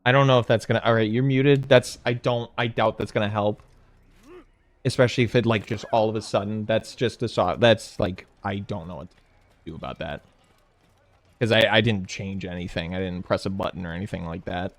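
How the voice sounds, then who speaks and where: A man's voice: on the low side, steady tone, brisk, no echo. A male streamer chatting casually while he plays a game, rambling, trailing off and swearing now and then. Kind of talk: casual gaming stream chat.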